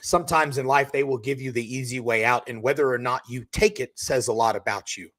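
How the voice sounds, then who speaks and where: Man in his 30s, podcast host, profane, punchy, forceful tone. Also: mid-range voice, brisk. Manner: loud, hyped and swearing, turning quiet and emotional. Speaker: podcast host and roofing company owner. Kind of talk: profane motivational podcast monologue.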